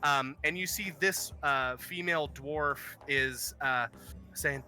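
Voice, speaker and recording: Slow, halting man running a tabletop game, crisp bright tone. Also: fairly high pitch. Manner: halting, many ums and uhs. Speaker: game master.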